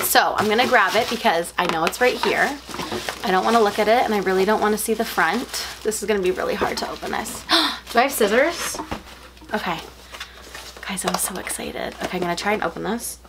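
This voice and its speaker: A woman talking casually in an unboxing vlog from her bedroom, gushing, excitable and rambling. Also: medium pitch, noisy background. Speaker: unboxing vlogger.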